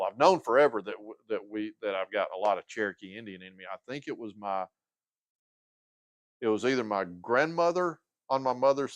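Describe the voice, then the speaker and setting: A man in his fifties with a lowish, clean-toned voice hosts a casual livestream chat with no room sound. He's hesitant and rambling, losing his train of thought and leaning on uhs, fillers and restarts.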